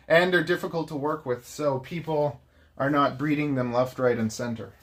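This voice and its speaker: A man's voice: fairly high pitch, steady tone, normal speed, a bit bright. A young man chatting casually on a livestream, rambling, teasing and laughing often. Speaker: snake keeper and livestream host.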